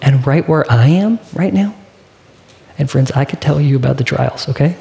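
A man preaching a sermon as pastor, talking in an earnest, conversational way and asking the congregation direct questions, slowing down to read scripture. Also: medium pitch, gravelly, mellow.

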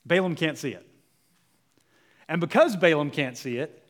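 A man preaches a sermon in a casual, conversational storytelling style. His voice sits a little high for a man. He often drops to a near hush for emphasis. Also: lively intonation, normal speed, long pauses. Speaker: pastor.

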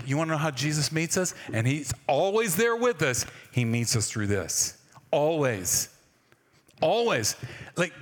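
A man's voice: fairly high pitch, a bit bright. A man preaching a sermon in a conversational way, often asking the congregation questions. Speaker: pastor. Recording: reverberant church hall.

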